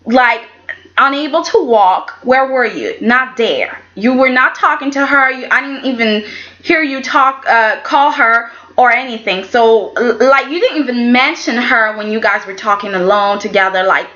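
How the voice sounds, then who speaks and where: A woman's voice: fairly high pitch, moderate pace, bright, forceful tone, lo-fi sound. A woman casually reviewing a soap opera episode, chatty and opinionated, often acting out what the characters said. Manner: chatty and opinionated, acts out quotes in voices. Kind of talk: casual chat.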